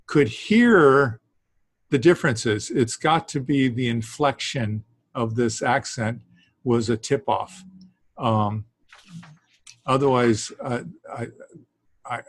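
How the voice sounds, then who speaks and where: A man's voice: mid-range voice, a bit bright, no echo. A man teaching a Greek class to students in the room, rambling and stopping to restart his sentences, with the odd chuckle. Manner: rambling, self-interrupting, with chuckles. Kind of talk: classroom lesson.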